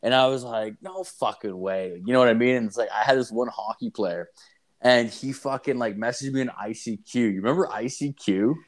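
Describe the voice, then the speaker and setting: A man's voice: mid-range voice, fairly quick. Man, 30s, casual storyteller; loose, cursing, filler-heavy delivery. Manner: profane, rambling, animated storytelling with heavy filler. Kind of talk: casual chat.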